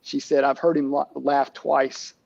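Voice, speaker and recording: A middle-aged man, a camp director, telling stories in a casual interview, halting with many restarts and fillers. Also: medium pitch, level tone, creaky, darkish tone, no room sound, lo-fi sound.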